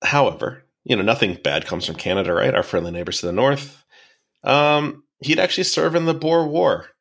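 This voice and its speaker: A man's voice: medium pitch, moderate pace, gravelly, fairly bright tone. A man hosting a podcast, telling a history story in a casual, explanatory way with dry asides. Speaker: podcast host.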